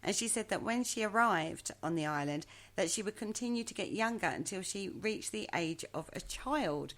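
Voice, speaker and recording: A woman's voice: medium pitch, lively intonation, normal speed, fairly bright tone. A woman co-hosting a podcast, telling a legend in a chatty, hesitant way and poking fun at her own pronunciation. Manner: hesitant, chatty, self-mocking. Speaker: podcast co-host. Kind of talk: casual storytelling chat.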